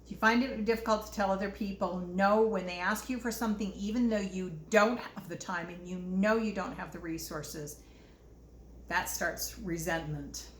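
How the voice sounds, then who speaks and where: An older woman from Utah hosts a casual self-help talk, earnest and reflective as she shares personal stories. Her voice sits at medium pitch and moves at a moderate pace. The room is echoey, with faint ambience and slight background noise.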